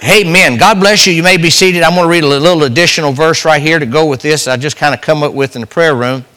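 Man preaching with a forceful voice. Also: fairly high pitch, fast, clean tone. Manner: folksy, emphatic preaching with sudden rises and drops. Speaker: pastor. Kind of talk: sermon.

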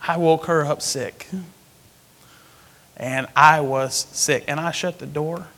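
A man preaching a sermon, telling a personal story with animated, sudden loud outbursts. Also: a little high, slow.

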